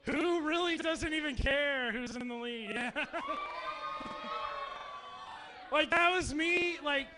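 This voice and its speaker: A man in his thirties from Texas, speaking to campers in a dark meeting hall, telling jokes and stories in a chatty way. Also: very high-pitched, unhurried, hardly any pauses, crowd noise, noisy background. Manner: joking, chatty storyteller. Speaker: youth camp speaker. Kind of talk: humorous youth talk to campers.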